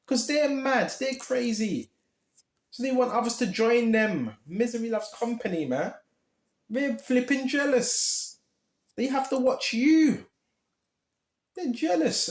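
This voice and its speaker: Impassioned man preaching casually with street slang, high-pitched, recorded in a roomy, echoing space. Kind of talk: informal preaching.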